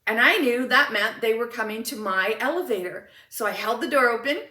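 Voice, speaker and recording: A woman motivational speaker telling a personal story in an animated, enthusiastic way. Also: a little high, fairly quick, roomy sound, recorded from a distance.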